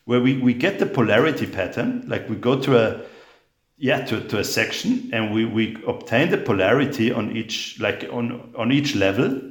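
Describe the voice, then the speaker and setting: A man explaining rock dating as a guest in a conversation, halting and repeating his words with many fillers. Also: medium pitch, reverberant. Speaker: geologist guest.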